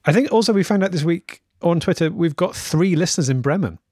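A man's voice: a little high, expressive, brisk, a little mellow, husky, dry recording. A man from England co-hosting a comedy podcast, reading listener emails aloud with dry amusement. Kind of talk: casual chat.

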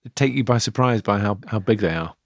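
A man co-hosting a comedy chat podcast, telling jokes in a dry, deadpan way. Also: on the low side, fast talker, gravelly, no room sound. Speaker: podcast co-host.

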